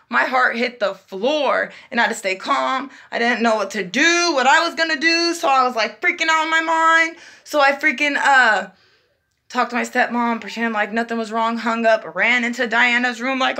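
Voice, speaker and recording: A young woman tells a personal story in a chatty, animated way, slipping into the voices of the people she quotes. Her voice sits fairly high, with a gravelly fry and a bright, sharp edge. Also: moderate pace. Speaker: vlogger. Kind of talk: casual storytelling.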